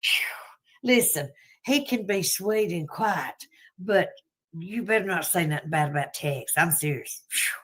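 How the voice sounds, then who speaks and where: A woman's voice: fairly low pitch, animated, a little slow, fairly bright tone, slightly rough. A woman with a Southern US accent hosting a casual livestream, chatty and folksy, often laughing between thoughts. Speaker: livestream host.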